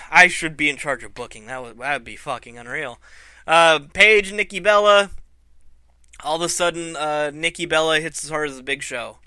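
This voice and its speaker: A man reviewing wrestling in a loose, profane ramble, acting out the action as he goes. His voice is high for a man and very bright, with an unhurried delivery. The mic is close and dry, with no room sound. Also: clean tone, no room sound. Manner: profane, animated storytelling. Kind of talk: casual commentary.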